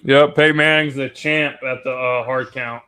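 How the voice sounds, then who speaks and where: A man's voice: mid-range voice, fairly even intonation, normal speed, bright, forceful tone. Foul-mouthed young man reacting to football. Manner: profane, blunt, rambling. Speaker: fan reacting live to a football game. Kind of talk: casual live reaction commentary.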